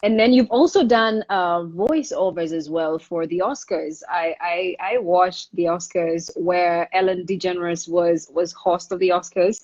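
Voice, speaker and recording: A woman's voice: lowish voice, steady tone, a little slow, few pauses, darkish tone. A woman hosting an online interview, asking her questions in an encouraging, friendly way. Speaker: interview host. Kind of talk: conversational interview. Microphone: online live video call. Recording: dull lo-fi online stream.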